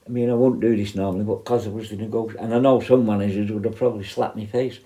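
Man, dark mellow voice, rambling storyteller who corrects himself mid-sentence. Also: lowish voice, steady tone, fast talker, hardly any pauses. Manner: rambling, self-correcting, acts out quoted voices. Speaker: prison negotiator telling a story. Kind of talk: casual storytelling.

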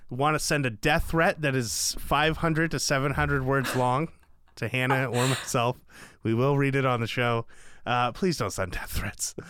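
A man's voice: mid-range voice, unhurried, clean tone, no room sound. A young man co-hosting a podcast, chatting casually and joking with lots of fillers. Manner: joking, lively, filler-heavy. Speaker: podcast co-host. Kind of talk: casual chat.

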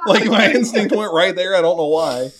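A man's voice: high-pitched, moderate pace, a loud crowd. A man co-hosting a casual podcast, joking and giggling as he reads out names. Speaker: podcast co-host. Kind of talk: casual group chat. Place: shared room, in person.

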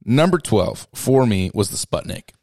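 A man's voice: lowish voice, sing-song, a little slow, a little mellow, no echo, clean studio sound. A man co-hosting a podcast, chatting casually and teasing, laughing often while reviewing coffees. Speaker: podcast co-host.

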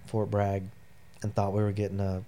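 A middle-aged man with a lowish, gravelly voice tells family stories as a guest on a long interview. He rambles in a heartfelt way, full of ums and you-knows. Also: monotone, moderate pace, dark tone. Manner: rambling, heartfelt storyteller with many fillers. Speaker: guest, military veteran. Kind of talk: personal storytelling in a long interview.

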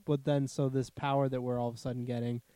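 A man's voice: mid-range voice, level tone, fast, mellow, smooth, no room sound. A man in casual, profane chat who laughs a lot and slips into silly animal voices.

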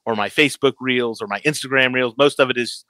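A man in his thirties hosting a casual chat, animated, stumbling over restarts and acting out quotes. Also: mid-range voice, quick pace, dry recording, poor audio. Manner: animated, stammers, acts out quotes. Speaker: podcast host. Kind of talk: casual chat about a TV episode.

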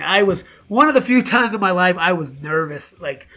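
Brief: middle-aged man, high bright voice, swears freely, animated raconteur acting out quotes. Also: moderate pace. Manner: profane, animated, acts out quoted dialogue. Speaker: guest musician. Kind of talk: casual storytelling interview.

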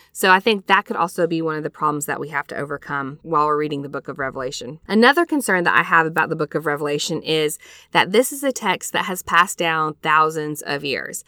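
Bright-voiced chatty woman teaching scripture. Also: mid-range voice, dry recording, studio quality. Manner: chatty, conversational, checks in with rhetorical questions. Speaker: podcast host teaching scripture. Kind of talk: casual scripture study lesson.

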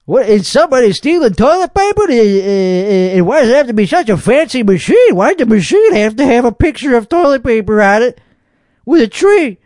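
With a very high, very animated voice and a darkish tone, a man from Texas hosts a podcast at a brisk pace. He reacts to internet videos with rambling, profane, mock-outraged remarks, recorded at studio quality with no room sound.

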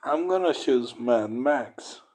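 A man in a casual online group voice chat, casting quick votes in a relaxed way. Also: mid-range voice.

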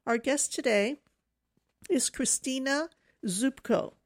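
A woman's voice: sits high, slow pace. A woman co-hosting a live radio talk show, telling stories in a chatty way with many fillers.

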